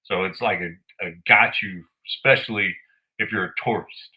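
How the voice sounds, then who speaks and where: A man, hosting a podcast and telling a story in a blunt, animated, profane way. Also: deep voice, moderate pace, poor audio. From United States. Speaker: podcast host. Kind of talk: casual storytelling.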